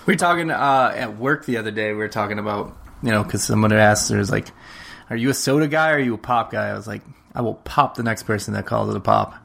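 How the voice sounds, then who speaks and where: A man co-hosting a podcast, chatting casually, opinionated, telling animated stories and doing quick voices for people he quotes. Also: fairly low pitch, vocal fry. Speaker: podcast co-host. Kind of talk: casual chat. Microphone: podcast microphone.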